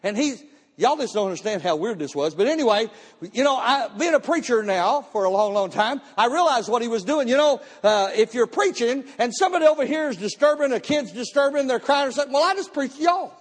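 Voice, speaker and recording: A pastor with a very high voice tells his testimony from the pulpit, animated and bursting into shouts now and then. His voice rings on in the long reverb of a church hall. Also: fairly quick. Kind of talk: testimony sermon. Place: church sanctuary, live service.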